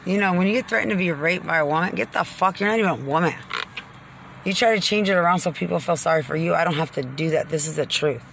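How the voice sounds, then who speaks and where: A woman's voice: on the low side, fast talker, gravelly, a bit bright, a little hiss or hum. A woman in a rambling, agitated rant, accusing and cursing at the people she blames. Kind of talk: angry rambling rant to camera.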